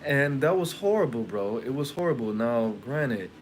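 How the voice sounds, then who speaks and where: A man's voice: medium pitch, animated, normal speed, slight background noise. A man telling a story to his live viewers in a blunt, profane, rambling way. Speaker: livestream host. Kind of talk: casual storytelling to a live chat.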